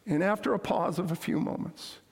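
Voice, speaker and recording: A man's voice: sits high, a little fast, vocal fry, breathy edge. A man preaching a sermon as pastor, telling stories and repeating his key points. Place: church sanctuary. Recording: echoey hall with long reverb.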